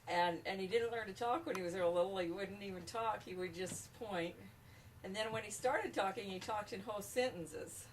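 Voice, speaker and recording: An older woman, a grandmother, recalling her grandson's childhood in a plain, unhurried way. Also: medium pitch. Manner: plain, unhurried, with small restarts. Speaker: grandmother recalling family memories. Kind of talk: casual home-video interview. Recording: distant home camera mic with faint hiss.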